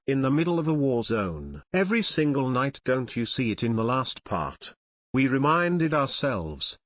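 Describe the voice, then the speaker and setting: Male motivational narrator, commanding and dramatic, lively pitch swings, dull dry recording. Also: no echo. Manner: intense, commanding, dramatic pauses.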